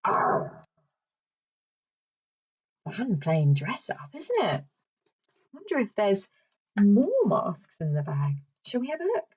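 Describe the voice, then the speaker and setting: A woman's voice: mid-range voice, wildly swooping pitch, a little slow, dark tone, breathy edge, muffled recording. A woman with a British accent, a speech and language therapist leading a children's session in a playful, sing-song way. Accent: British English.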